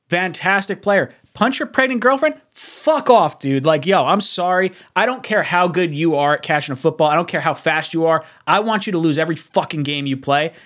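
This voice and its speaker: A tipsy man hosting a sports stream, a little higher-pitched than most men. He swears freely and laughs often as he talks football in a loose, excitable way. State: tipsy from drinks. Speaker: stream host. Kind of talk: casual sports chat.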